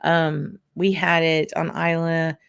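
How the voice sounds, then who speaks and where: Gravelly woman. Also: low voice, level tone, takes it slowly. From Louisiana. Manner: chatty, answers viewers by name while tasting. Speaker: whisky channel host. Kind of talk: casual livestream chat.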